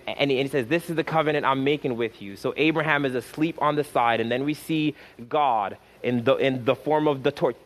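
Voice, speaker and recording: A man preaching a sermon to a congregation. He stumbles and repeats words, then slows down and climbs into fervent, emphatic declarations. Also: mid-range voice, fairly bright tone. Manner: repetitive restarts, rising to fervent emphasis, slows for key phrases. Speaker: pastor.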